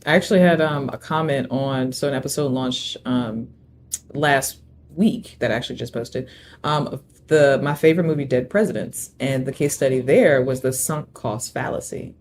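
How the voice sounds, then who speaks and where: A woman with a low voice chats casually as a guest, retelling a story in a lively way. Faint background noise runs under her voice. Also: moderate pace. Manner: chatty storyteller, laughs often. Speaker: podcast host guest. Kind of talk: casual interview chat.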